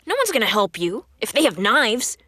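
A woman voicing a stern, blunt, protective elder sister in a dubbed drama, curt and sharp-tongued. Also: fairly high pitch, very animated, normal speed, breathy edge, no room sound, studio quality, full character voice. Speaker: dub actor.

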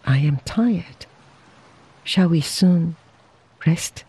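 A reader voicing a loving, devoted young woman in an audiobook, speaking softly and tenderly. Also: medium pitch, animated, very slow, husky, exaggerated voice, poor audio. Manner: soft, tender. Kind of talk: audiobook dialogue reading.

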